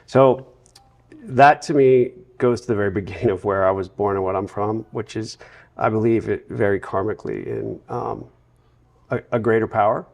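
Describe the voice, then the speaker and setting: A man from the United States, a guest in a casual interview, telling long run-on anecdotes with a relaxed storytelling manner. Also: fairly low pitch, normal speed, vocal fry. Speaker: podcast guest.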